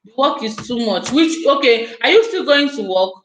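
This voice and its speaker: A woman's voice: a little high, expressive, moderate pace, fairly bright tone, reverberant, slight background noise, low-quality recording. A woman hosting a casual live stream, chatting effusively and speaking straight to her viewers.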